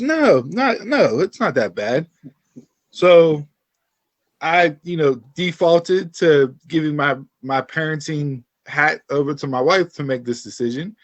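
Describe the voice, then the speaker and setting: Male podcast host, slightly higher voice, dry close sound, animated storyteller. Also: no room sound. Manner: animated storyteller, acts out quotes. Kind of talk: casual podcast chat.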